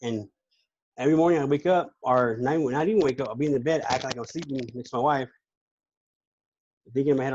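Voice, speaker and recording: Halting, slangy man on a lo-fi recording. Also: mid-range voice, darkish tone, a little hiss or hum. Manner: slangy and halting, repeats words. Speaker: podcast guest. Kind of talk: casual personal testimony.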